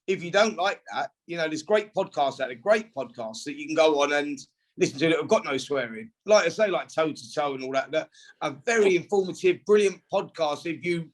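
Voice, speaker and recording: A man's voice: fairly high pitch, fairly quick. A man talking casually as a guest on a boxing podcast, telling stories animatedly and acting out other people's lines. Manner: animated storyteller who acts out quoted dialogue. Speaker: podcast guest, former boxer and pundit.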